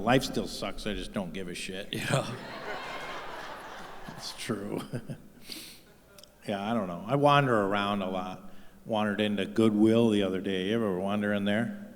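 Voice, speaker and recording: A man's voice: on the low side, a little slow, long pauses. A man doing a stand-up comedy set on stage, rambling and swearing freely in a self-deprecating way. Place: stage in a live venue. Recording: live venue with long hall reverb.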